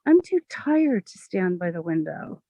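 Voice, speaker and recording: Woman poet, measured expressive reading, creaky tone, close dry mic. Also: fairly low pitch, dry recording, highs cut off. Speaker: poet reading her own work. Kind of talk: poetry reading.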